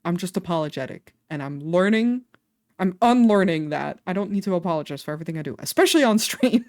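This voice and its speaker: A woman's voice: fairly low pitch, expressive, fast talker, darkish tone, no room sound. Chatty woman streamer, dry close mic. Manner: chatty and self-deprecating, laughs often. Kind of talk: casual livestream chat.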